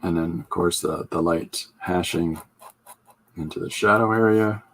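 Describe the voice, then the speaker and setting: Low husky-voiced man demoing comic art. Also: a little slow, fairly bright tone. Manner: rambling and jokey, many fillers and restarts. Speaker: comic artist hosting a live drawing stream. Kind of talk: casual live drawing demonstration.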